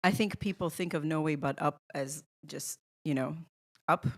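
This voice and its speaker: A young woman from Iran, a podcast guest, telling a story with animated restarts and acted-out dialogue. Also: deep voice, normal speed, no room sound, clean studio sound. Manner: animated, restarts often, acts out quoted dialogue. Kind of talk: emotional storytelling in casual conversation.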